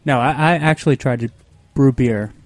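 A man's voice: mid-range voice, moderate pace, no room sound, faint music behind. A man who owns a beer and cheese shop, a guest on a radio show, joking and self-deprecating. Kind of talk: casual radio chat.

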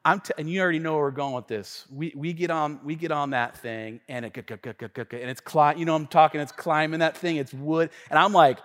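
A pastor delivers a sermon in a high-pitched, animated voice, swinging between hushed asides and loud bursts. He talks conversationally, checking in with the room as he tells a story. A long reverb rings around him in a large church hall. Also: a little fast, hardly any pauses. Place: church sanctuary.

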